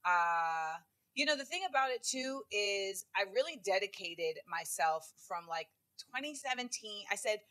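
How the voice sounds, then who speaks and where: Woman comedian guest, bright tone, fast chatty storyteller. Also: mid-range voice, expressive. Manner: quick, chatty storytelling with many fillers. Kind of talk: casual interview chat.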